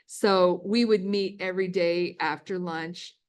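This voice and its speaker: A woman in her sixties giving a casual storytelling lecture at a museum, chatty and quick to laugh. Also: on the low side, steady tone, clean tone. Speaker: guest lecturer, former ship's cook. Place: lecture hall.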